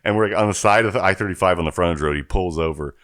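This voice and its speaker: A man's voice: deep voice, rapid-fire, a bit bright, no echo, clean studio sound. A man co-hosting a casual podcast chat who tells long, candid stories, acts out the people he quotes and laughs between lines. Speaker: podcast co-host.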